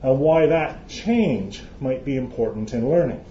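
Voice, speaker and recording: A man's voice: medium pitch, expressive, measured pace, warm tone, slight background noise. A man from Canada, giving a joking, chatty lecture to a live audience and often restarting his phrases. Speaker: conference speaker. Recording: roomy, dull hall recording.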